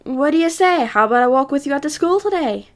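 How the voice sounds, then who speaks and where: A woman's voice: sits high, expressive, fast, pitched above the performer's own voice. A woman voicing a smug, sarcastic male cartoon rabbit in a dating game, reading his lines in a drawling, mocking way. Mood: teasing.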